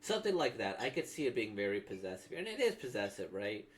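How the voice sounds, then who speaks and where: A man's voice: on the low side, sing-song, fast talker, slight background noise. A man reacting to a comic he has just read, talking casually in a rambling way full of fillers. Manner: rambling, filler-heavy talk. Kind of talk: casual commentary.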